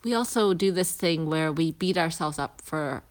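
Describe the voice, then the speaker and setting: A woman with a notably low voice teaches a healing lesson while walking outdoors. She talks casually and reflectively, pausing often and restarting her sentences. Now and then she drops into a hushed aside.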